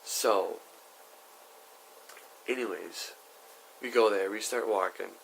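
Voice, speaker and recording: A man's voice: fairly low pitch, slow, gravelly, fairly bright tone, a little hiss or hum. A young man telling a story on his vlog in a chatty, rambling way, full of asides. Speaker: YouTuber.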